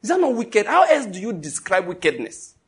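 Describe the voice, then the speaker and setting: A middle-aged man with a Nigerian accent preaching a sermon, emphatic and animated, full of rhetorical questions. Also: high voice, a little fast, breathy edge.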